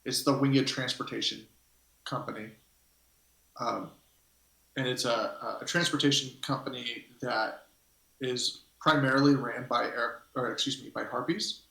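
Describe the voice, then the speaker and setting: A man's voice: mid-range voice, fairly even intonation, a little slow, gravelly, pushed and bright. A man narrating a tabletop game as game master, rambling and hesitant as he thinks aloud. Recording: echoey room.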